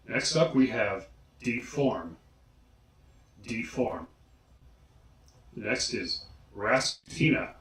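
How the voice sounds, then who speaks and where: A man's voice: mid-range voice, lively intonation, a bit bright. Man carefully sounding out names, echoey room. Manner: slow, deliberate enunciation of names. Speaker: vlogger. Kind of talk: casual pronunciation guide.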